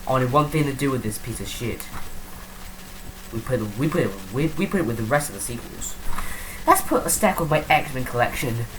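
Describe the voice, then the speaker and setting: A woman's voice: very deep voice, lively intonation, fairly quick, background noise. A woman giving a profane, rambling, mocking comedic film review.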